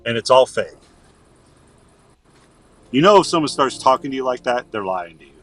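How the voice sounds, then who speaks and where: A man's voice: mid-range voice, animated, normal speed, fairly bright tone, poor audio. A man from the US West Coast co-hosting a podcast, talking in a heated, ranting way. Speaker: podcast co-host. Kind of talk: casual political chat.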